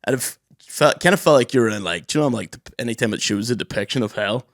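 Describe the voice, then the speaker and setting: Young guy, animated storyteller, swears a lot, dry studio sound. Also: medium pitch, quick pace, no room sound. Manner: animated storyteller, swears freely, does loud voices. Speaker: podcast co-host. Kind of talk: casual chat. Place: podcast studio.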